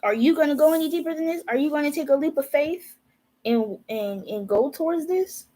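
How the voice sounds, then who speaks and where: A woman's voice: sits high, expressive, fairly quick, dark tone, rough recording. A young woman giving a casual, profane tarot reading, talking straight to her viewers. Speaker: tarot reader.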